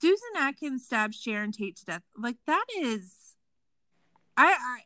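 A slightly high, slightly slow female voice hosts a casual true crime show, sarcastic, animated and swearing a lot. No echo is present, though the recording is rough.

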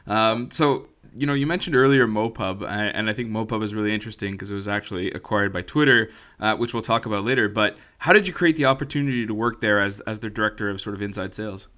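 A man hosts an interview, briefly affirming his guest before moving to the next question. He talks quickly. His voice is low-pitched but bright. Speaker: podcast host.

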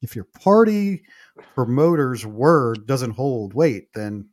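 Animated man reading reviews aloud. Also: medium pitch, slow. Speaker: podcast co-host reading reviews. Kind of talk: casual podcast chat.

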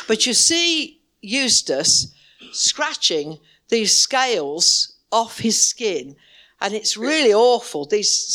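A woman's voice: medium pitch, a bit bright. A woman preacher delivering a sermon in a church, impassioned and emphatic, with repeated words for weight.

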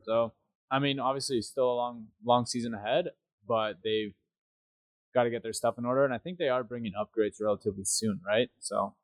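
A man's voice: mid-range voice, steady tone, a little fast, no echo, poor audio. Casual male podcast co-host, dry sound. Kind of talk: casual chat.

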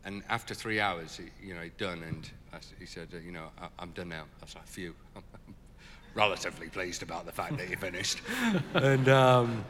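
A man telling stories in an interview as a charity leader, animated and full of fillers. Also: low-pitched, normal speed, in a large hall, a little hiss or hum. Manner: animated, lots of fillers, laughs as he tells it. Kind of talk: storytelling in an interview.

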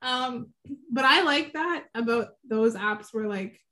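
A woman's voice: a little high, animated, slow, sharp tone. A woman in her thirties co-hosting a podcast, chatting frankly and casually and swearing now and then. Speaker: podcast co-host. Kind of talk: casual chat.

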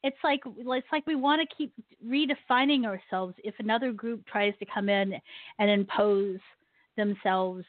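Speaking at a moderate pace in a mid-range voice, a woman hosting a radio talk show laughs often as she rants animatedly about her pet peeves to a guest. The audio is dry with no echo, tinny like a phone line.

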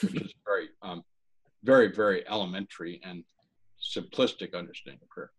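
Low-ish guy telling his own story in an interview, earnest, keeps restarting sentences. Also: husky, poor audio. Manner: earnest, halting, many restarts. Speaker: interview guest. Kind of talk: personal testimony in conversation.

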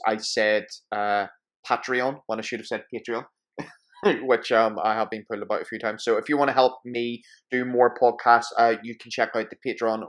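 A male podcast host talks in an easygoing, chatty way, joking and correcting himself as he goes. His voice sits somewhat low. He runs through his plugs informally. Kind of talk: casual podcast chat.

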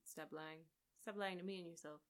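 A woman's voice: fairly low pitch, steady tone. Enthusiastic woman co-hosting a casual chat. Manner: enthusiastic, gushing, quick to laugh. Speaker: podcast co-host. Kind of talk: casual chat reviewing a film.

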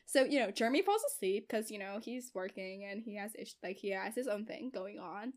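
A woman's voice: medium pitch, expressive, a little fast, hardly any pauses, a little mellow. A young woman in casual chat, retelling a story animatedly with lots of fillers and giggles.

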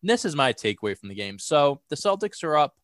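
A man's voice: fairly high pitch, a little fast, dry recording, clean studio sound. Congested man hosting a sports podcast. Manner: energetic, rambling with fillers and restarts. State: congested from a cold. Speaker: podcast host. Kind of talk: casual sports podcast chat.

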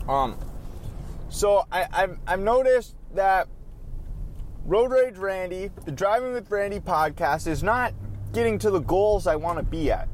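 The man's voice is high-pitched, with a little background noise in the clip. On the go in his car and at a store, he hosts his own podcast in a casual, rambling vlog style, cursing and grumbling while driving and shopping.

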